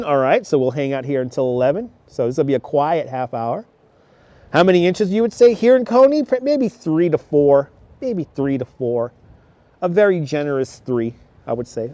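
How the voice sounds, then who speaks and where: A man's voice: on the high side, warm tone, no room sound. A man in his thirties live-streaming outdoors on a snowy beach, chatting with viewers, greeting them by name and laughing often. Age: 30s. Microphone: wireless clip-on mic.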